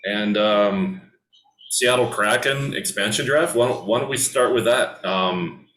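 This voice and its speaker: A man's voice: fairly low pitch, unhurried, fairly bright tone, roomy sound, poor audio. A man hosting a casual hockey podcast, talking loosely with many ums and restarts. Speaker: podcast host. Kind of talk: casual sports chat.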